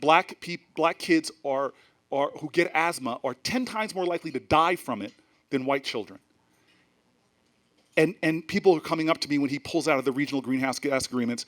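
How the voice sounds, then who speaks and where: A man's voice: a little high, animated, fairly quick, fairly bright tone. A middle-aged man from New Jersey, a politician speaking to a live festival audience, emphatic and rhetorical, telling stories with frequent restarts and fillers. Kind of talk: animated speech with storytelling. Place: event stage before a live audience.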